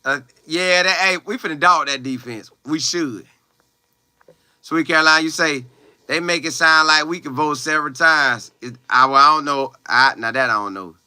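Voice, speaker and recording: A young man livestreaming and reading viewer comments, talking loose and slangy with lots of exclamations. His voice sits fairly high and cuts through very brightly. The sound is dry and close, with no room around it. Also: normal speed, smooth, no echo. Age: young adult. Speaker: college football player livestreaming. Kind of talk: casual live chat, reading viewer comments aloud.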